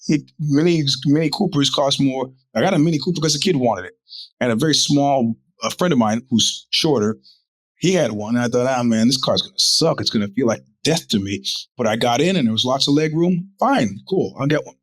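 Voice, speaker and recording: A man's voice: medium pitch, fairly quick, no echo, poor audio. A man hosting his own show, telling a long exasperated anecdote in a wry, profane, casual way and laughing now and then. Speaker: podcast host.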